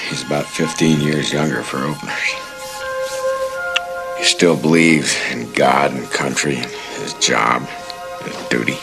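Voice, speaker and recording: Cynical veteran border cop: very deep, gravelly, dry and laid-back. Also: male voice, fairly even intonation, unhurried, over music, full character voice. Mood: reflective. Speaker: border patrol officer. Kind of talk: film drama acting.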